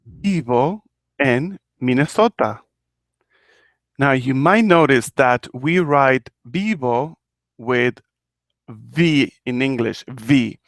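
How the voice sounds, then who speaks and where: A man's voice: mid-range voice, takes it slowly, a bit bright, no room sound, studio quality. A man from Argentina teaching a live online Spanish lesson, explaining patiently and repeating each example phrase.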